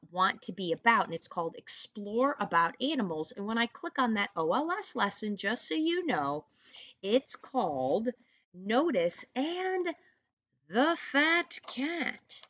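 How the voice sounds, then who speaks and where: A woman teaches an online first-grade reading lesson, encouraging young children and sounding out words slowly. Her voice is mid-range and a bit bright, with no room sound.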